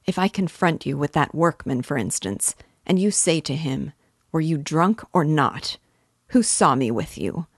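A woman voicing a shrewd middle-aged male magistrate who presses his point in a measured, quietly insistent way. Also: deep voice, lively intonation, slightly rough, no room sound, studio quality, full character voice. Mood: calmly pressing.

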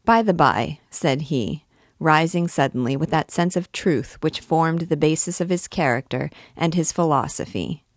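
Low-voiced woman reading a novel aloud. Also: normal speed, dry recording, clean studio sound. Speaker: reader and guide of a book.

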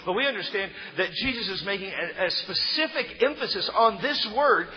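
Emphatic preacher, reverberant hall. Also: male voice, sits high, animated, moderate pace. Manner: emphatic, rising to loud stresses on key words. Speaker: pastor. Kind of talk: sermon. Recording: muffled sound in a reverberant hall.

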